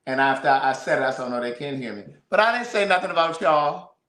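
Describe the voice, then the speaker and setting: A man's voice: a little high, animated, fast, a bit bright, echoey room. A man co-hosting a casual chat, teasing and swearing in sassy banter. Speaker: co-host.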